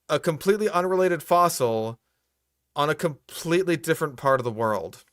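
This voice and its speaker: A man's voice: a little high, lively intonation, normal speed, a bit bright, no room sound, clean studio sound. A young man hosting a reaction commentary, exasperated and profane, picking apart what he hears. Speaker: host reacting to a video.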